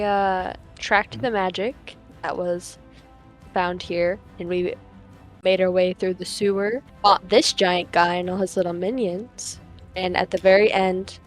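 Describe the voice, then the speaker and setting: A woman playing a tabletop game, speaking earnestly in character and reasoning things out. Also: fairly low pitch. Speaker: player.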